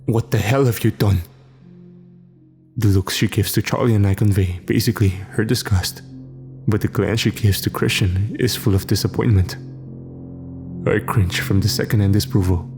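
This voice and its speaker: Low-voiced man narrating horror. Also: fairly even intonation, moderate pace, a little mellow. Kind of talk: scripted first-person horror narration. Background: faint music.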